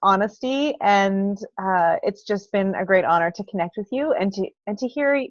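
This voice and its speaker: A woman's voice: medium pitch, normal speed, no echo. Woman interviewer, parent coach, gracious, dull lo-fi dry sound. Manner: gracious and affirming. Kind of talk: interview conversation. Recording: dry, muffled lo-fi audio.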